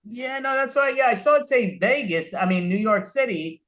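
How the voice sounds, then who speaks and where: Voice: mid-range voice, moderate pace, a bit bright. Casual podcast host; rambling, hesitant interview questions.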